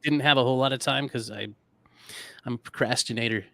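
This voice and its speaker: A man's voice: mid-range voice, fast, gravelly, bright, forceful tone, no echo. A man co-hosting a comedic history podcast, telling the story in a laid-back, self-deprecating way. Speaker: podcast co-host. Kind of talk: casual comedic history chat.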